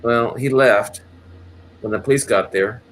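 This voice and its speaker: A man's voice: mid-range voice, a little slow, a bit bright, slight background noise. A man casually telling a long, rambling story, with many restarts and acted quotes. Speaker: channel host.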